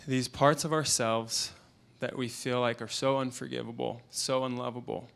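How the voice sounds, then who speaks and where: A man's voice: mid-range voice, flat delivery, normal speed, gravelly, fairly bright tone, smooth. A man in his thirties, a parenting expert, giving an earnest motivational talk at a conference event, telling stories and quoting others. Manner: earnest storytelling, quoting a client and his child.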